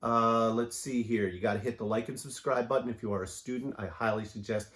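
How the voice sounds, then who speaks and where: A man's voice: mid-range voice, steady tone, brisk, fairly bright tone. A male teacher wrapping up a class video in a casual way, with filler uhs and a mildly stern tone.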